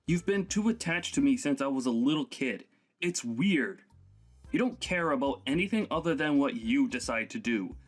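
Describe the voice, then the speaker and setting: A man voicing a grown son who scolds his overbearing mother in an exasperated way. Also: medium pitch.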